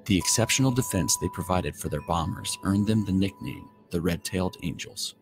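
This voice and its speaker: A man reading documentary narration from a script in a measured, formal way. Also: sits low. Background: background music.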